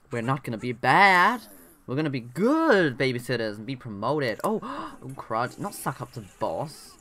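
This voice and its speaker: Young adult, let's-play commentator; chatty, self-interrupting, addresses the game's characters, average pitch. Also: bright, forceful tone. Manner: chatty, rambling, talks to game characters, often trails off. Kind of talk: casual gameplay commentary.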